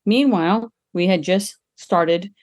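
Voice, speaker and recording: A middle-aged woman, a guest on an interview podcast, telling lively stories and laughing often as she talks. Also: slow pace. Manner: lively, acts out quoted people with jumps in pitch. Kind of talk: casual interview storytelling.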